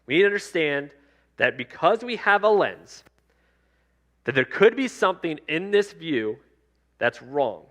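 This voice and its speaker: A man's voice: on the high side, sing-song, measured pace, pauses often, fairly bright tone. A male pastor delivering a sermon in a conversational preaching style, circling back to repeated refrains. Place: church sanctuary.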